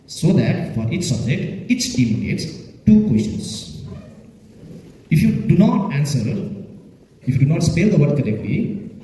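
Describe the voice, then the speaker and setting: A man's voice: on the high side, warm tone. A man acts as the spelling bee pronouncer and patiently explains the contest rules to pupils, often asking "okay?" to check they follow. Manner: patient, repetitive, checks understanding with frequent "okay?". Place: large echoey school hall. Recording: echoey hall from far off, faint noise.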